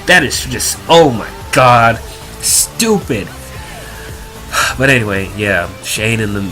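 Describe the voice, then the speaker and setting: A man's voice: lowish voice, slow, over music. A young man giving a rambling, exasperated review, full of fillers and restarts. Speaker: wrestling reviewer. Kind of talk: casual review rant.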